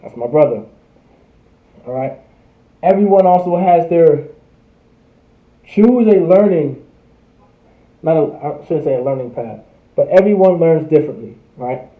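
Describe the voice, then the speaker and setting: A man's voice: a little high, expressive, a little slow, pauses often. Man teaching a class, tinny echoey line. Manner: repetitive, checks in with "right?" constantly. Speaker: class instructor. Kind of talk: live-streamed language class. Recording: tinny phone-like echoey stream.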